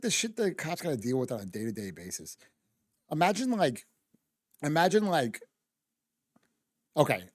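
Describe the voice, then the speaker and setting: A man's voice: on the high side, dry recording. A man streaming his reaction to a video, ranting casually and heatedly with lots of swearing and restarts, on a close microphone. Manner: profane, heated, argumentative, many restarts.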